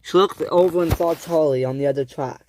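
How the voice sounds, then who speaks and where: A storyteller narrating a home-made toy train adventure, with halting restarts and filler words. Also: medium pitch, darkish tone, slight background noise.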